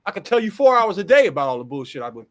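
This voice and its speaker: A man's voice: sits high, very animated, racing, fairly bright tone. An older man from Philadelphia, co-hosting a heated casual debate in a blunt, profane, emphatic way. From Philadelphia, USA.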